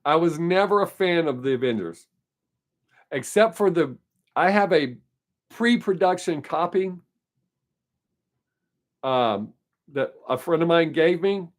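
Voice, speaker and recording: A man's voice: on the high side, lively intonation, unhurried, pauses often. A man hosting his weekly live stream, chatting casually and answering viewer comments in a rambling, opinionated way. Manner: rambling, opinionated, laughs often.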